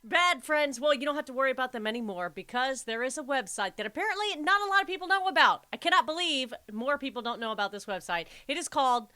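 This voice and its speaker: Woman cohost, bright higher voice, chatty and emphatic, casual podcast talk. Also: fast talker, few pauses, smooth. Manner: emphatic, animated storytelling. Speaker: podcast co-host. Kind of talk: casual chat.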